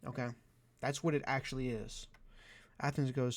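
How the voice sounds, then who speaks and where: A man's voice: medium pitch, fairly even intonation, moderate pace, long pauses, no room sound. Profane, ranting young man. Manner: profane, exasperated, sarcastic. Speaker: vlogger. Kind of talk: ranting commentary.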